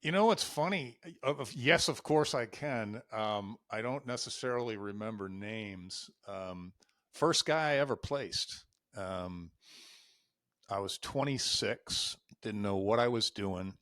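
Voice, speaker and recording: Low-voiced guy in his 50s, coach on a podcast, tells stories and acts out the dialogue, dry close sound. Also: animated, a little slow, a bit bright, no room sound. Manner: candid, emotional, acts out quoted dialogue. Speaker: life and executive coach, guest. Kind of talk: podcast interview, storytelling.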